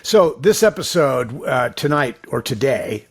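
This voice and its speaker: Gravelly, breathy man co-host. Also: medium pitch, sing-song, unhurried. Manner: hesitant, stammering restarts. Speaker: podcast co-host. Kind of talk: casual chat.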